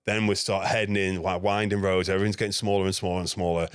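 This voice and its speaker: Fast-talking man, low voice. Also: clear, resonant tone, no room sound, studio quality. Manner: lively anecdote-telling, acting out his own dialogue. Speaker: guest, NGO security manager. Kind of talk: casual podcast storytelling.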